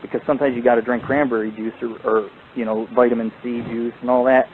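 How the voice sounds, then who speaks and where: A man telling a rambling, profane ghost story at an ordinary pitch. His voice comes through a tinny, phone-like line with a faint hiss underneath. He swears freely and keeps the story moving. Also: level tone, fast talker. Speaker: paranormal radio show host. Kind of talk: casual storytelling chat.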